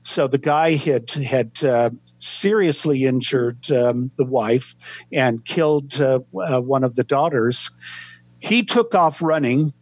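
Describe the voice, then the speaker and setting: A man, a historian guest on a podcast, recounting events in a measured, unhurried way with frequent pauses. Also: medium pitch, no echo. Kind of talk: podcast interview storytelling.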